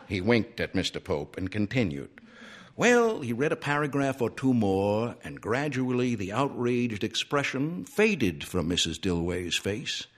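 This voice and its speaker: A man narrating a humorous story in an expressive, unhurried reading style. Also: mid-range voice.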